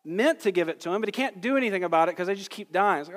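A man's voice: sits high, expressive, very fast, long reverb tail. A man preaching a sermon as a pastor, conversational and building to emphatic peaks.

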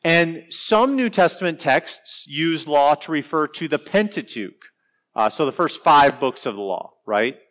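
Casual male Bible teacher, conversational lecture delivery with emphatic pitch jumps. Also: measured pace. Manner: conversational, explanatory, lively pitch swings on emphasis.

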